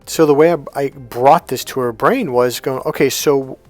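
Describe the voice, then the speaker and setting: A man's voice: medium pitch, normal speed, darkish tone, faint music behind. A man working as a dating coach, telling a story in a blunt, emphatic way and swearing casually. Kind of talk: storytelling monologue.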